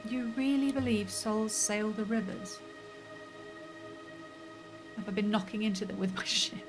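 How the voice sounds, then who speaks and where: A woman reading the lines of a cynical, sharp-tongued young explorer in a story game, with a dry, sarcastic manner. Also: medium pitch, unhurried, over music, close to an everyday voice. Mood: sardonic.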